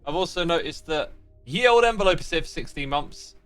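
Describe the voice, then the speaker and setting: A man's voice: a little high, lively intonation, brisk, fairly bright tone, soft background music. A man hosting a casual gaming livestream, reading chat messages aloud and answering them in a playful, teasing way. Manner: playful, teasing fake sign-offs. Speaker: livestream host.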